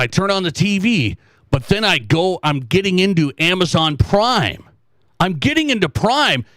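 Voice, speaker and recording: Man, middle-aged, sports talk host, bright tone, dry close sound, chatty repeated asides. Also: sits high, no echo. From South Dakota. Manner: animated storyteller, rambling asides and repeated phrases. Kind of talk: casual sports talk monologue.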